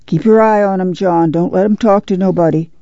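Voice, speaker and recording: Reader doing a steady farm mother, gravelly, dark, drawl. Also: mid-range voice, a little fast, dry recording, natural voice. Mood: firm. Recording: muffled, dry.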